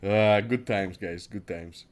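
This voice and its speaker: A man's voice: a little high, animated, normal speed. A man hosting a casual crypto livestream who rambles, repeats his words, swears and laughs a lot, from Greece. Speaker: crypto stream host.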